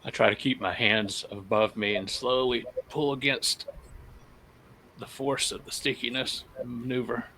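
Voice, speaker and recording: A man's voice: mid-range voice, steady tone, measured pace, bright, forceful tone, a little hiss or hum, rough recording. A man playing a tabletop game, talking in a casual, offhand way. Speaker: player.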